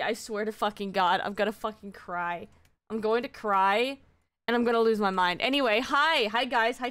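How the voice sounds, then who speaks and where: A woman's voice: a little high, a bit bright. A woman live-streaming, chatting casually, giddy and swearing a lot, repeating herself over and over.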